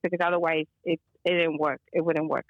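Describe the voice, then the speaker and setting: Woman, gravelly, chatty rambling storyteller, lots of fillers, dull lo-fi call audio. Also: low voice, steady tone, a little fast, no echo. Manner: rambling, filler-heavy, mixes in Spanish phrases. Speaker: guest caller. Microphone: phone or video call.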